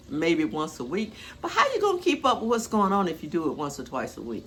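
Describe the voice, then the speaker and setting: Cooking at home, this older woman vlogger talks in a sing-song, mid-range voice that's fairly quick and fairly bright. She's chatty and homespun, drifting into rambling asides, with slight background noise.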